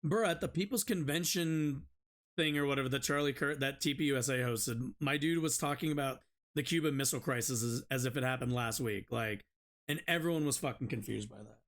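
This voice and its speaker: A man's voice: medium pitch, fairly quick, fairly bright tone. A man hosting a live-streamed political debate in casual commentary, rambling with many restarts and fillers.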